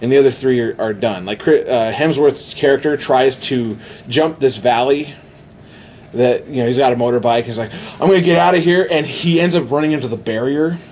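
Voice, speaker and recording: A man in casual podcast chat, retelling a movie plot excitedly with many restarts. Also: medium pitch, normal speed, a little hiss or hum. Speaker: podcast host.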